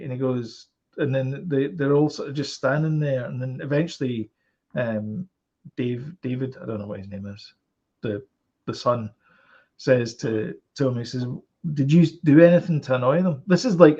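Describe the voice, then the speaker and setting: A Scottish man co-hosts a podcast, rambling through casual chat and stopping often to restart his sentences. His voice has a gravelly edge, and it sits at an ordinary middle pitch. The recording sounds a bit dull and lo-fi. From Scotland. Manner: rambling, animated, with many fillers and restarts. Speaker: podcast co-host.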